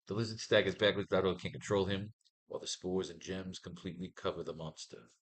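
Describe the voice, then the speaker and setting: A man's voice: deep voice, fairly even intonation, quick pace. A man running a casual comics writing class, thinking aloud and testing lines of dialogue, swearing freely and muttering to himself.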